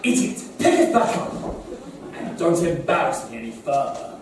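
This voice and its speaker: An actor playing a vain, boastful village brute with a pompous, drawn-out delivery on a theatre stage, heard from far off in an echoey hall. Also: male voice, on the high side, big pitch swings, background noise. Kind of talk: pantomime stage acting.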